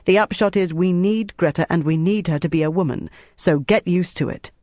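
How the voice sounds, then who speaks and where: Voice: medium pitch, a little fast, a little mellow, dry recording, clean studio sound, natural voice. An audiobook reader voicing a commanding young woman who leads a wartime team, firm and impatient. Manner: firm and bossy.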